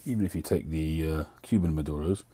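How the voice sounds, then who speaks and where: A man's voice: a bass voice, fairly quick, mellow. A middle-aged man, hosting a casual livestream chat, rambling and drifting off topic as he talks. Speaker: host.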